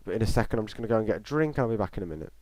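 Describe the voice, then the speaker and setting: A man with a fairly low voice talks casually and bluntly as he hosts a live football reaction stream. He gives his opinions plainly and talks straight to the people watching. The sound is close and dry, with no room echo. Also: lively intonation, very fast, a little mellow.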